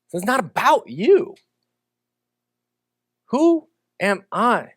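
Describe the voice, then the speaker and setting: A man's voice: high voice, very animated, measured pace, long pauses, a bit bright, dry recording, clean studio sound. A male pastor preaching a sermon in a conversational way, with joking asides.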